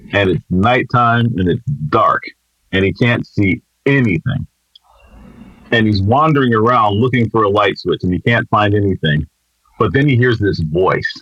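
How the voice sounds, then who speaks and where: A man who is a guest musician, telling a joke in a lively, animated way. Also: on the low side, no echo. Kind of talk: casual conversation and joke-telling. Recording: dry, slightly dull audio.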